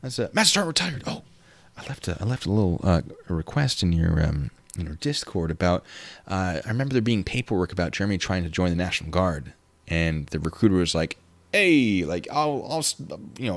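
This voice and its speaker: Rambling man on a livestream, lowish voice. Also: expressive, fast. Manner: rambling, reads chat aloud. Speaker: livestream host. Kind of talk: casual livestream chat.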